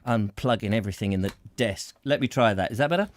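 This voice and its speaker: A man's voice: fairly low pitch, fast. A man with a southern English accent hosting a casual comedy chat show. He talks in a rambling, jokey, self-mocking way. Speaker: host.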